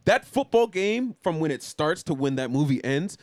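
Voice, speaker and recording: A man with a fairly high voice, chatting on a podcast in a rambling, easygoing way. The sound is dry and close-miked. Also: very animated, moderate pace, darkish tone, no echo. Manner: loose, rambling storytelling with fillers. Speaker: podcast co-host. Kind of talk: casual chat.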